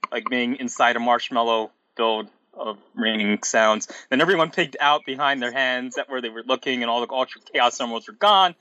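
A man giving a comedic dramatic reading in a deadpan, exaggerated way, on a close mic. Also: a little high, no room sound, lo-fi sound. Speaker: reader.

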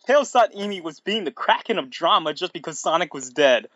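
A man giving a comedic dramatic reading in a deadpan, exaggerated way, on a close mic. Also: a little high, fairly quick, hardly any pauses, dry recording, muffled recording. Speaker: reader.

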